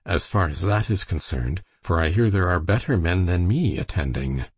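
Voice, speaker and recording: A man's voice: deep voice, expressive, moderate pace, breathy edge, dry recording. A man voicing a gloomy, courteous and cautious older father in a storybook reading.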